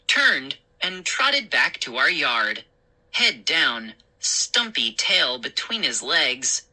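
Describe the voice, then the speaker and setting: A woman reading a children's story aloud in an expressive, unhurried way. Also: a bass voice, rough recording.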